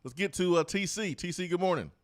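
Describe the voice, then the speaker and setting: A man's voice: high voice, quick pace, no echo. Upbeat man hosting a sports show. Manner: casual, upbeat, opinionated. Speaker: sports talk show host. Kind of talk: live sports talk show. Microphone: studio mic.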